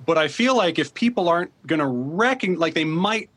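A man's voice: a little high, expressive, normal speed, a bit bright. A man voicing a cheerful, friendly radio host on a boat, talking with frequent restarts, in an improvised audio comedy. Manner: friendly, hesitant, lots of restarts.

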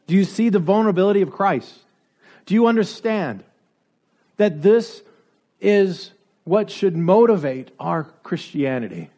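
A man's voice: high-pitched, expressive, unhurried, mellow. A man preaching a sermon, driving his points home with repeated rhetorical questions and building to emphatic peaks.

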